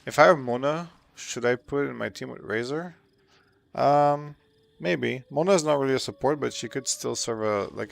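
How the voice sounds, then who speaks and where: Gravelly-voiced male game streamer. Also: mid-range voice, slight background noise. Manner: relaxed, chatty, lots of fillers and laughs. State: slightly sore throat. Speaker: streamer answering chat questions. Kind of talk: casual live-stream chat while gaming.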